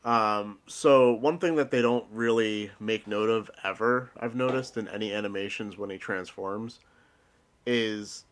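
A podcast co-host with a fairly low, slightly bright voice chats casually, rambling, restarting his sentences, and laughing often.

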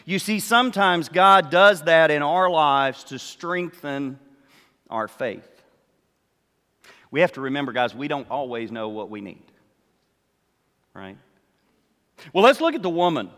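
An older man preaching a sermon, telling the story slowly and acting out what the characters say. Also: on the high side, lively intonation, fairly bright tone, long reverb tail. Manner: slow storytelling, acts out the characters' words. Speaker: pastor.

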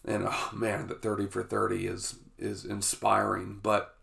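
A man's voice: on the low side, monotone, unhurried, vocal fry, fairly bright tone. A man, hosting a casual solo podcast, a bit congested from a cold, chatty and laughing often. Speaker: podcast host.

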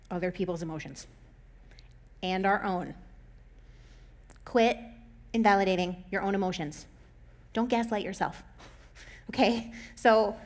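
A woman in her thirties giving casual advice, talking conversationally, laughing often and acting out little quoted lines. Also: mid-range voice.

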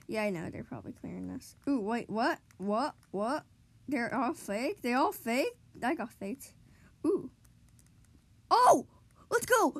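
A woman giving excitable live commentary on her own gameplay, cheering goals and groaning at misplays. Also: on the high side. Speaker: gamer streamer.

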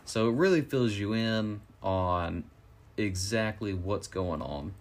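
A man in an easygoing conversation, recounting a film's story with lively energy. He breaks into quick voiced quotes of the characters as he goes. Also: on the low side. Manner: animated plot retelling with voiced quotes. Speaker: co-host reviewing a movie. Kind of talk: casual chat.

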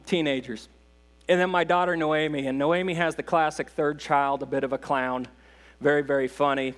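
A man speaks from a church pulpit as a visiting missionary. He talks in a folksy, halting way and pokes fun at himself. His voice sits slightly high. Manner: folksy, self-deprecating humor, halting restarts. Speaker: guest preacher, missionary. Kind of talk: sermon, casual storytelling. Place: church sanctuary.

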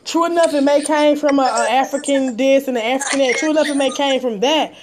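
A woman from the Atlanta area talks in a casual conversation, blunt and full of profanity as she tells stories. Her voice sits a little high. A faint hiss of noise runs under the recording. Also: fast talker. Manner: blunt, profane, animated storytelling.

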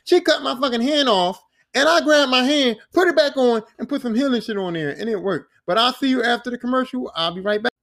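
A man hosting a podcast, recapping a video game in a casual, animated way, full of swearing and sound effects like bang and pop. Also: very high voice, brisk. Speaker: podcast host.

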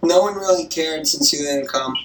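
A young woman talking on the phone with her grandmother, animated and gossipy, swearing often. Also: low voice, normal speed, background noise. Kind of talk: casual phone chat. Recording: roomy echo, distant from the mic.

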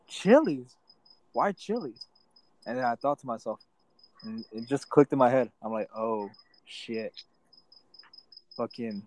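A man's voice: mid-range voice, a little mellow, slight background noise, low-quality recording. Young man telling a slangy story. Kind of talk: casual chat.

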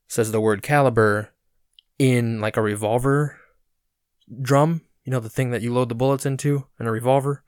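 Animated, swearing podcast host, a man. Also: lowish voice, no echo, studio quality. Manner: animated, swearing, self-mocking with laughs. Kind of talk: casual storytelling monologue.

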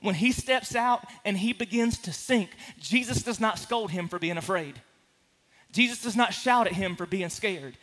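A man preaching a sermon to a congregation, impassioned, swinging from hushed to loud. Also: high voice, normal speed. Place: large room with a congregation.

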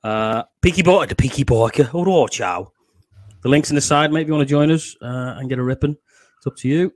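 A man's voice: mid-range voice, a little fast, no room sound. A man with a Liverpool accent hosts a live stream in a loose, chatty way. He swears freely and laughs a lot. The recording is dry and close, with no room sound. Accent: Liverpool English. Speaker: podcast host. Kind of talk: casual live stream chat.

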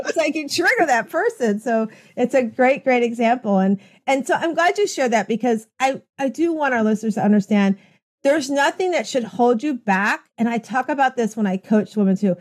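A woman's voice: fairly high pitch, animated, normal speed. A woman hosting a podcast interview, talking with enthusiasm in long rambling stretches full of restarts. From United States. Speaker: podcast host. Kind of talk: conversational interview.

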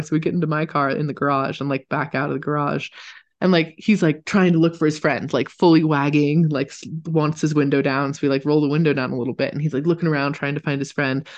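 A woman co-hosting a podcast, telling stories in a casual, animated, playful way. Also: low voice, lo-fi sound. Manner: animated, playful, quick to act out voices. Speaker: podcast co-host. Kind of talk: casual chat, storytelling.

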